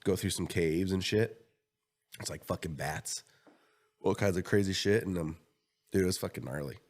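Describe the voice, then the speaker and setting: Chill podcast dude with a really deep voice, cussing while he tells trip stories. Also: normal speed. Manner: laid-back, swears casually. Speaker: podcast co-host. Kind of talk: casual chat.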